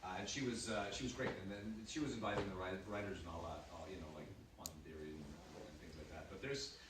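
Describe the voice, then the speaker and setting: A guest on a convention panel speaks in a relaxed, halting way, often restarting his sentences. His voice is fairly low and swims in heavy hall echo. It sounds distant and hissy, recorded from far off. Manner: relaxed, halting, self-deprecating. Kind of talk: casual panel talk. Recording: echoey noisy hall from far off.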